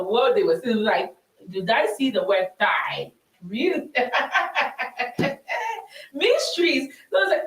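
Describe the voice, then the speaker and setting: A woman hosts a Christian women's show, chatting her way through Bible verses. She slows down to stress each line she reads and laughs often. Her voice rings in a roomy space and sits some distance from the mic. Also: fairly high pitch. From Ghana. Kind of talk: teaching on scripture for a live audience.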